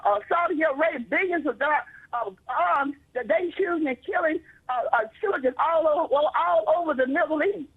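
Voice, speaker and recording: A man calling in to a talk show, lecturing with many hesitant uhs. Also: very high-pitched. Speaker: caller. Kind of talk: call-in radio talk. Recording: tinny phone line.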